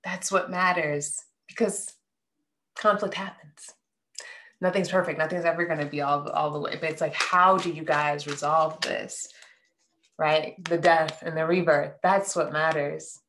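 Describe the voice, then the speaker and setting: Woman w a low voice doing a tarot reading, earnest, lots of "right?" and little hums. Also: steady tone, slight background noise. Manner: earnest, heartfelt, talks straight to viewers with frequent "right?"; soft hums and pauses between thoughts. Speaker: tarot reader. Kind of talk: intuitive tarot reading to viewers.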